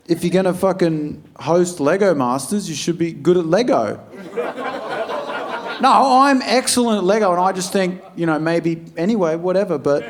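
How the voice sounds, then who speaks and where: A young Australian man doing a stand-up set, blunt and deadpan with sudden loud outbursts. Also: a little high, background noise. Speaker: stand-up comedian. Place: comedy club stage with audience.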